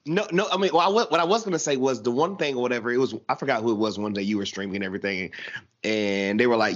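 A man with a Southern US accent, hosting a podcast in casual, slangy chat. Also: mid-range voice. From American South. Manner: animated, slangy, drawn-out phrasing. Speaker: podcast host. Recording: dull lo-fi audio.

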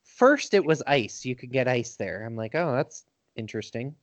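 A man from Michigan co-hosting a podcast, chatting in a relaxed, reflective way. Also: medium pitch, normal speed, no room sound. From United States, Michigan. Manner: laid-back, reflective, wraps up the episode. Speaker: podcast co-host. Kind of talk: casual chat.

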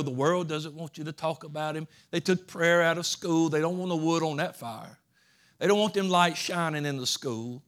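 A man's voice: a little high, moderate pace, a bit bright. A middle-aged man with a Georgia Southern accent preaching a sermon in an earnest, folksy way, often repeating words.

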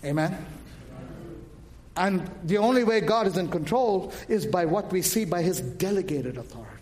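A man's voice: high voice, expressive, normal speed, a little mellow. A man preaching a sermon with fervor, calling out questions and waiting for the congregation to answer. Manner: impassioned, calls out to the congregation.

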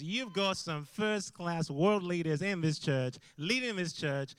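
A middle-aged man preaching as a guest in a church, intense and animated, breaking into shouts as he tells stories. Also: a little high, measured pace, few pauses, clean tone, no echo. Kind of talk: sermon. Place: church hall.

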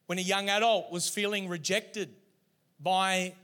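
A middle-aged man delivering a sermon, his voice high and bright. He tells stories with lively, animated energy. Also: measured pace. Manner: animated storytelling preacher. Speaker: pastor.

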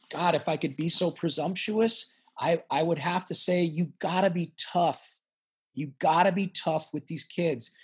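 A middle-aged man talks as a podcast guest with a raspy, husky voice sitting slightly high. He speaks with raw intensity and emphasis, repeating words as he pushes his points. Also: a bit bright. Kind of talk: emotional interview talk.

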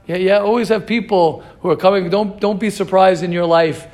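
A rabbi teaching an informal Torah class, animated and questioning his students, mixing in Hebrew terms. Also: high-pitched, moderate pace.

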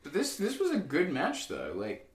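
A man's voice: a little high, huge pitch swings, normal speed, echoey room. A young man, co-hosting a casual podcast in a playful, rambling way. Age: young adult. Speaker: podcast co-host. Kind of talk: casual chat.

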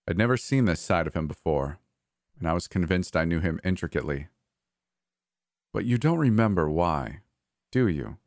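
A man narrating a first-person horror story in a measured storytelling way. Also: extremely low pitch, no room sound, clean studio sound.

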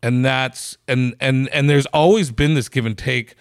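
A man's voice: mid-range voice, unhurried, creaky, no room sound. A man hosting a casual podcast, telling a profane comedy-club story and acting out the quotes. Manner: animated, profane, acts out quotes.

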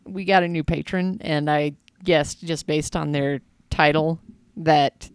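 A woman's voice: low-pitched, fairly even intonation, measured pace, clear, resonant tone, dry recording, clean studio sound. A woman co-hosting a casual podcast who laughs easily and tells rambling stories. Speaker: podcast co-host. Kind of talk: casual chat.

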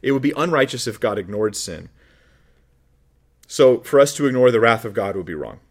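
Male pastor, mid-pitched, chatty sermon delivery with playful asides and acted-out quotes. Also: animated, moderate pace. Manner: conversational, joking asides, acts out quoted voices.

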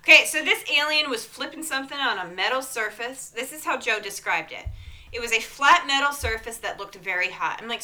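A woman's voice: a little high, a little fast. A woman co-hosting a podcast in casual chat, telling a story with acted-out quotes and frequent "right?" checks. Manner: animated, acts out quotes, asks "right?" often.

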